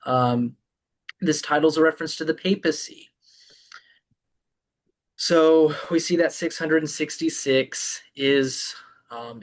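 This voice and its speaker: A man presenting a Bible study, speaking slowly and deliberately, with frequent ums and restarts. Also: medium pitch. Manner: halting, with many ums and restarts.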